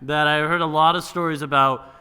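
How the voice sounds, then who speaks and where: A man co-hosting a casual podcast over beers, his voice bright and forceful and a bit high. He teases dryly and swears without a second thought, in a room with long reverb. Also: fairly even intonation, brisk, smooth. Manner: dry, teasing, swears freely. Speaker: podcast co-host. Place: home room rigged with studio lights.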